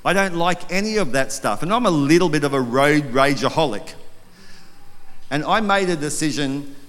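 A man's voice: on the high side, moderate pace. A middle-aged man preaching a sermon, telling stories and acting out voices with animation. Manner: storytelling, animated, acts out quoted voices. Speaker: pastor. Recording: long reverb of a large hall.

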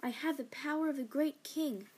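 A woman voicing a frightened but defiant middle-aged father who shouts his commands. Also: high voice, moderate pace, pitched above the performer's own voice, lightly acted. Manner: raised, trembling, shouting.

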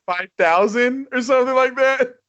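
High-voiced animated podcast guy. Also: normal speed, dull audio, a crowd in the background. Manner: animated storytelling, laughing. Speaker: podcast co-host. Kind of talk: casual podcast chat.

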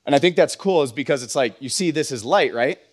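A young male pastor preaching a relaxed, chatty sermon with a fairly high voice. He talks loosely, full of likes and false starts, and at times turns to loud, drawn-out emphasis. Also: slightly rough. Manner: chatty and self-deprecating, with many likes and restarts. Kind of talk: casual youth sermon.

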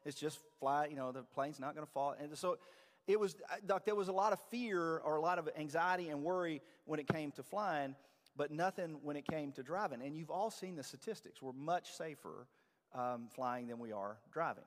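A man preaching a sermon in a church, speaking in a conversational, self-deprecating and animated way. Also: a little high, moderate pace. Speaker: pastor. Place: church sanctuary. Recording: church hall reverb.

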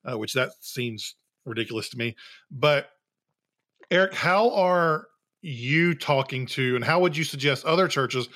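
A man with a mid-pitched voice hosts a relaxed conversation. He muses through his points in a thoughtful, questioning way, with a hint of exasperation. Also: unhurried. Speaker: podcast host. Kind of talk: casual podcast conversation.

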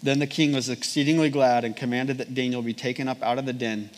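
A man preaching a sermon and reading scripture aloud, in an earnest, measured way with repeated phrases. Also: medium pitch, fairly even intonation. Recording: long hall reverb.

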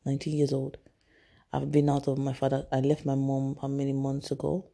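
Young woman, very gravelly, dark and husky, halting emotional storytelling. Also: a bass voice, monotone. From Nigeria. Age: young adult. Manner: halting, emotional, hesitant restarts. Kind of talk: personal storytelling.

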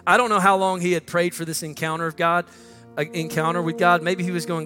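A male pastor preaching a sermon, swinging between loud emphatic lines and hushed ones. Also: high voice, flat delivery, fast talker. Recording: long reverb with faint music.

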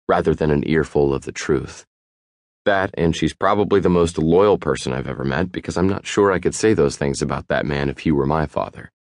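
A man narrating a first-person audiobook in a wry, even storytelling manner. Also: extremely low pitch, dry recording, studio quality.

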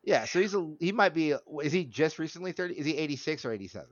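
A man's voice: a little high, animated, quick pace, no echo, dull audio. A man in his thirties in casual chat, rambling and laughing often. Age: 30s.

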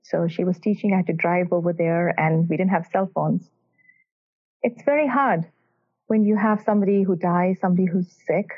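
A woman cardiac electrophysiologist, appearing as a podcast guest, answers interview questions in an earnest, emphatic way and tells stories about her patients. Her voice is on the low side at normal speed, and the audio has a tinny phone-line sound.

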